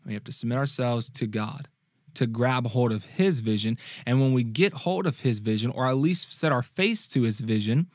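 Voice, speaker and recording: Young male preacher, mid-pitched, casual and conversational, dry close sound. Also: normal speed, dry recording. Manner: conversational, restarts often, acts out quotes in a higher sung voice. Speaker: youth preacher and podcast host. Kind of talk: casual sermon-style talk.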